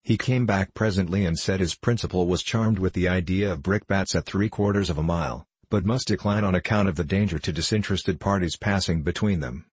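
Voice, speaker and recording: A man reads a classic story aloud in a measured, wry manner, his voice low and husky. The recording is dry and close, with no room sound. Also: no echo. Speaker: narrator. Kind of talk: audiobook reading of a classic story.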